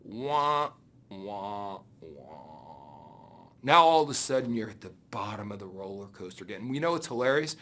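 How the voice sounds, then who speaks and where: A man giving a motivational talk on business, acting out excited and gloomy voices as he goes. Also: mid-range voice, fast talker, hardly any pauses. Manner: animated, acts out excited and gloomy inner voices. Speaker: network marketing speaker.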